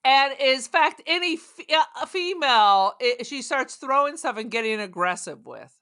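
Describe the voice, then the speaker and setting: A woman co-hosting a casual podcast, her voice bright and sharp. She swings widely up and down in pitch while making sarcastic jokes. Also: lively intonation, moderate pace. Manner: sarcastic, jokey. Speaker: podcast co-host. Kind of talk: casual chat.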